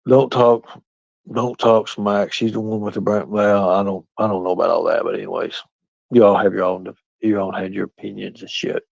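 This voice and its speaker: This livestream rant comes from a man with a fairly low, gravelly voice who speaks at a normal speed with a steady tone. Combative and confrontational, he answers his chat directly. The lo-fi stream audio is dull and dry, with no room sound.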